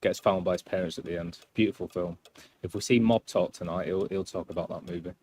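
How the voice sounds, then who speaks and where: A man, streaming a game and chatting casually. His voice sits low, and his talk rambles from one aside to the next with a self-deprecating edge. Faint ticking plays quietly in the background. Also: fairly even intonation, brisk, a little hiss or hum. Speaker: live streamer. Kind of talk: casual gameplay commentary.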